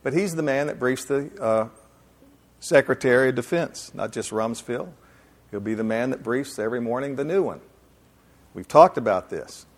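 A man. He tells his stories in a folksy, joking way. His voice sits at an ordinary middle pitch for a man. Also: animated, moderate pace. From Alabama, USA. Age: 50s. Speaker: men's ministry speaker. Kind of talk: speech to a live audience.

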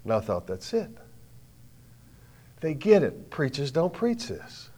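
A middle-aged man preaching a sermon, telling folksy stories with sudden loud bursts and quiet drops. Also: fairly high pitch, huge pitch swings, normal speed.

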